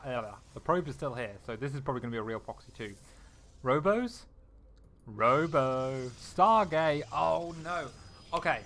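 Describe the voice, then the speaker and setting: A young man calling a live strategy game match on his own. His voice sits at an everyday middle pitch, and he talks with excitable energy, jumping on each play with a laugh or a gasp. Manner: excitable, quick reactions, frequent laughs. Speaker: esports caster. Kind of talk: solo live game commentary.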